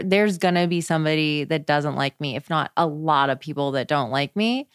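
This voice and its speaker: A young woman with a low, smooth voice chats easily as a podcast guest. She tells stories in a loose, animated way, full of filler words. The sound is close and dry. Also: moderate pace, no room sound. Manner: chatty, frequent "like" fillers, animated storytelling. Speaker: podcast guest, wellness practitioner. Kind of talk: casual conversational interview.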